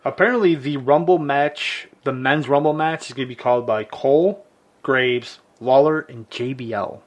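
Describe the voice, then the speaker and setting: A man's voice: medium pitch, moderate pace. Man running down the news on a podcast. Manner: newsy, reads out items, dry humor. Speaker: podcast co-host. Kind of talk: casual chat.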